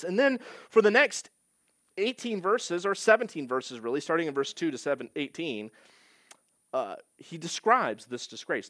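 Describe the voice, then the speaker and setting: A man's voice: fairly high pitch, lively intonation, moderate pace, a bit bright, no echo, studio quality. A man preaching a sermon, reading scripture aloud and explaining it in an earnest, emphatic way. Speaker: pastor.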